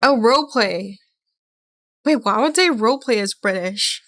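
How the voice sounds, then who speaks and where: A woman streamer with a higher voice reacts to clips in a slow, drawn-out way. She makes joking, laughing asides. Her sound is dry and close. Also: animated, fairly bright tone, no room sound. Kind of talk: casual reaction commentary.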